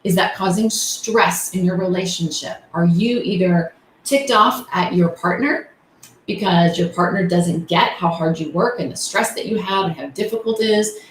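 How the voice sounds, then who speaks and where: Speaking at a normal speed in a fairly low-pitched voice, this middle-aged coach and host delivers a laid-back motivational talk. She's frank and casual, leaning heavily on fillers and rhetorical questions. Faint noise and room echo are audible.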